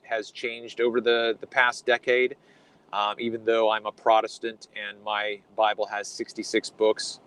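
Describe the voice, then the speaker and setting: A man's voice: medium pitch, a bit bright, clear, resonant tone, poor audio. A man co-hosting a conversation, explaining Bible translation in a hesitant, teacherly way with frequent ums and restarts. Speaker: podcast co-host.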